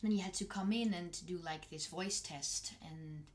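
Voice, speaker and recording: A woman in her twenties with a Dutch accent, a voice actress talking in a relaxed interview, soft-spoken and often dropping to a near whisper. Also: on the low side, normal speed. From Netherlands. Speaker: voice actress and singer. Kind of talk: casual interview chat.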